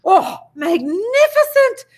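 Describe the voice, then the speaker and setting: A woman voicing a plucky, clever young princess who sounds high and eager. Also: sing-song, takes it slowly, heavily acted. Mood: delighted.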